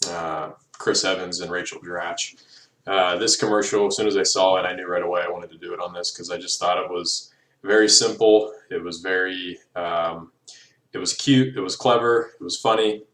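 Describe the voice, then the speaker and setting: A man's voice: sits low, fairly bright tone, distant mic. A young man recording a class presentation, hesitant, with many ums and uhs. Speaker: student presenter. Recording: echoey room, voice from afar.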